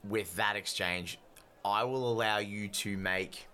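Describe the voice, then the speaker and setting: A man's voice: fairly low pitch, steady tone, slow pace, sharp tone, a little hiss or hum. A man narrating a tabletop game as game master, slipping into character voices.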